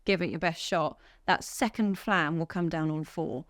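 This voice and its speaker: A woman's voice: deep voice, moderate pace. A woman teaching a drum lesson, upbeat and counting beats aloud as she plays. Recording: music studio with loud drum kit.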